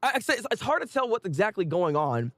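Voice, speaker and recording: A man hosting a casual anime episode recap, animated and laughing often as he acts out characters' lines. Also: sits high, fast, no room sound. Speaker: anime review host.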